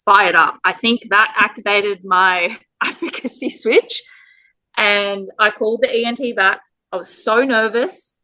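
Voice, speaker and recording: Bright-voiced Australian mum recounting. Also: female voice, medium pitch, poor audio. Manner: emotional, earnest, with laughs. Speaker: parent guest. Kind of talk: conversational interview storytelling.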